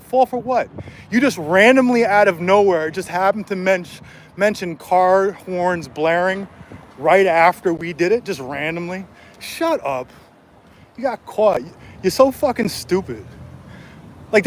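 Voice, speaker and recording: A man's voice: high voice, animated, measured pace, slight background noise. A man ranting angrily on a livestream from a city street, swearing and taunting a rival, recorded on a cell phone. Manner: angry, profane, taunting.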